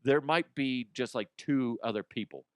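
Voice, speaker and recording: A man's voice: mid-range voice, normal speed, smooth, no echo. A man hosting a comedy news show, ranting casually and profanely, rambling and acting out imagined people.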